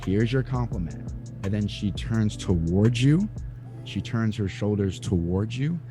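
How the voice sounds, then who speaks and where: A man's voice: on the low side, lively intonation, a little slow. A man confidently explaining dating advice step by step. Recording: voice over background music.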